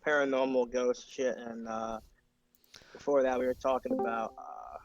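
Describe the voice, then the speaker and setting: A man co-hosting a relaxed podcast with friends. He chimes in often with short, agreeable remarks. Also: medium pitch, normal speed, dull audio. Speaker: podcast co-host. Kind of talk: casual chat.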